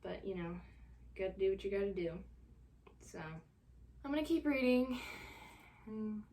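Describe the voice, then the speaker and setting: A woman's voice: medium pitch, expressive, normal speed, dark tone, a little hiss or hum. A young woman chatting casually in a reading vlog. She talks in an exasperated, rambling way, full of fillers and dramatic sighs. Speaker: book vlogger.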